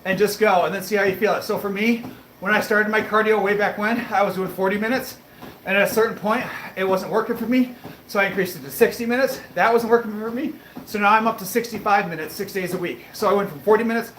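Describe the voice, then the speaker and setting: A man livestreaming while on a treadmill, chatting casually and answering viewer comments, a bit breathy as he talks between breaths. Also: sits high, fast talker, fairly bright tone, roomy sound, a little hiss or hum, poor audio. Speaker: fitness livestreamer.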